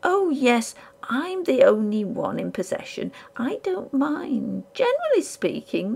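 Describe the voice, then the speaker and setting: As a full character voice, the collector is furtive and wheedling, voiced by a woman reading a ghost story aloud. His speech is high, hushed and insinuating, gravelly at the edges, with a pitch that swoops lively.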